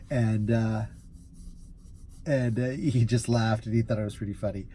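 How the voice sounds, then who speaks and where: Male rideshare driver, chatty and amused, average pitch, loose storytelling. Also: normal speed, pauses often, darkish tone, slightly rough. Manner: easily amused, rambling with restarts. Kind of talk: casual storytelling vlog.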